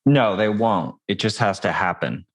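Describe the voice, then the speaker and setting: A man's voice: lowish voice, animated, normal speed. A man who is a tech company founder, speaking as a guest in a casual podcast interview, talking loosely with frequent restarts and fillers. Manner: conversational, many restarts and fillers.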